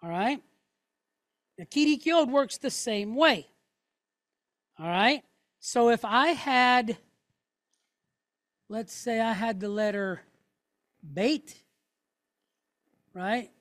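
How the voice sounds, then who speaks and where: A woman's voice: a little high, lively intonation, very slow, long pauses, no echo. A woman teaching a class, explaining step by step with patience and often checking in with "right?" and "okay?". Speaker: Hebrew teacher.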